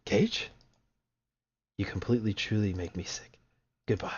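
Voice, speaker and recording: A man reads aloud the lines of a distraught young female game character, pushing his voice up into a falsetto that stays husky and unhurried. He sounds disgusted, and the stream audio behind him is dull and lo-fi.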